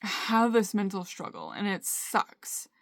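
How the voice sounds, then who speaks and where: A young woman recording a candid personal video diary on her phone, talking haltingly with many fillers and restarts. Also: mid-range voice, wildly swooping pitch, creaky, no echo. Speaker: vlogger. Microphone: phone camera.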